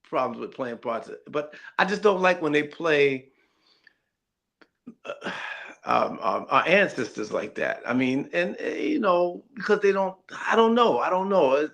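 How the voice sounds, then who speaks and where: A man's voice: a little high, very animated, measured pace, gravelly, a bit bright. A man co-hosting a casual podcast, hesitant and repeating words as he sorts his thoughts. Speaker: podcast co-host.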